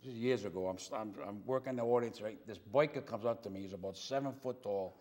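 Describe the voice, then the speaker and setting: A man's voice: lowish voice, fast, darkish tone. An older man, a comedian guest, telling an exaggerated story in a casual chat. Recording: long reverb.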